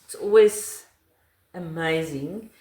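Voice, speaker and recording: A woman's voice: deep voice, takes it slowly, dark tone, reverberant. A middle-aged South African woman, her first language Afrikaans, with an Afrikaans accent, talking in a casual interview in an emphatic, laughing way.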